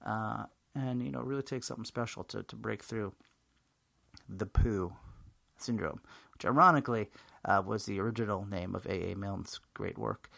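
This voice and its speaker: A man's voice: lowish voice, normal speed, gravelly, sharp tone, no echo. A man giving a rambling, self-mocking comedic answer in an interview, full of fillers and restarts. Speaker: interview guest.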